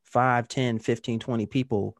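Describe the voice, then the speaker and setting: A man's voice: medium pitch, normal speed. A man in his fifties co-hosting a podcast in casual chat, telling stories and acting out other people's lines. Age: 50s. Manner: animated storyteller acting out quotes. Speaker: podcast co-host.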